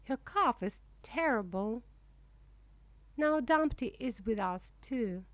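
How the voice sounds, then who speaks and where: Casting: woman narrator for a kids' reader, slow and very lively pitch, dry close sound. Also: no echo. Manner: slow, clear and expressive. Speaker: audiobook narrator. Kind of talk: reading a children's book for English learners.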